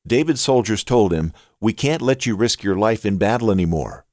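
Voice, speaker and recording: A man reading Bible passages aloud in a steady, measured narration. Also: on the low side, no echo, clean studio sound. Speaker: scripture reader.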